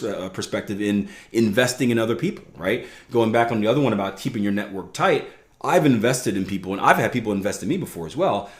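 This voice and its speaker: A man hosting his own trading podcast, talking casually and often tossing in "right?" as he explains. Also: fairly low pitch. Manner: conversational, frequent "right?" asides. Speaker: podcast host, trading coach. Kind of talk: casual solo podcast talk. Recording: echoey room.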